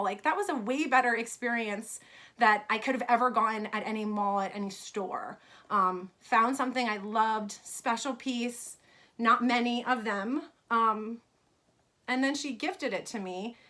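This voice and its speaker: A woman's voice: on the high side, moderate pace, pushed and bright. A woman in her thirties from New York, telling a personal story in a casual vlog about her fashion brand, chatty with many fillers.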